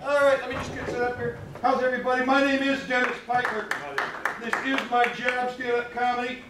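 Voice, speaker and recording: A man from Ohio doing stand-up, delivering deadpan, self-mocking one-liners. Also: extremely high pitch, brisk, distant mic. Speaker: stand-up comic. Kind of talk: stand-up comedy set. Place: comedy club stage. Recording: roomy club, off-mic, clear noise.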